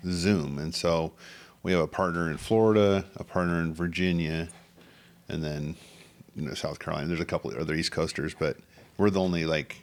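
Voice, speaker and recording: Deep-voiced man chatting casually. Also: steady tone, a little fast. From Utah. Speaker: podcast co-host. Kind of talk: casual chat.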